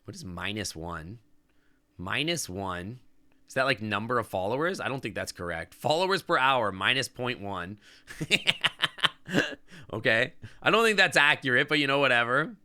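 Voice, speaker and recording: Bright, rambling sentimental streamer guy. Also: mid-range voice, very animated, moderate pace. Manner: rambling and sentimental, heavy on "like" and "I don't know"; reads and answers chat as he talks. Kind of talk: casual live-stream chat.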